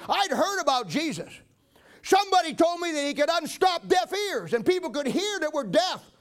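A man's voice: very high-pitched, a bit bright, voice pushed up, exaggerated voice. A man voicing an old blind beggar who is testifying with fervent joy. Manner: fervent storytelling, crying out.

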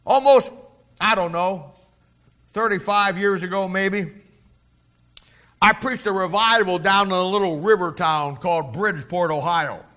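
A man's voice: sits high, unhurried, long pauses, bright, forceful tone. An older man preaching a sermon, telling stories in a fervent, folksy way.

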